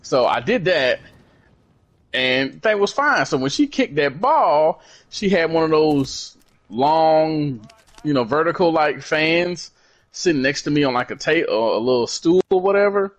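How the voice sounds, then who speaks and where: A man co-hosting a podcast, telling a story in a casual, swearing, animated way. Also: on the high side, measured pace. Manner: animated, swears freely, acts out quoted dialogue. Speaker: podcast co-host.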